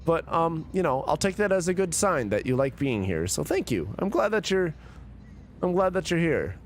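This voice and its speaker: A man's voice: on the high side, sing-song, moderate pace, a little hiss or hum. Drunk, giggly male game streamer. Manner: rambling, swearing, giggly. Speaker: streamer playing a story game. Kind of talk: casual let's-play commentary.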